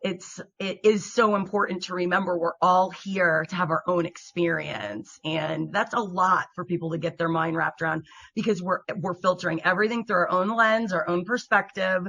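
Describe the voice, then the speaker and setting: A woman co-hosts a radio talk show in casual conversation. Her voice is bright and clear, and she speaks earnestly. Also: lowish voice, fairly even intonation, moderate pace, few pauses. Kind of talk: casual chat.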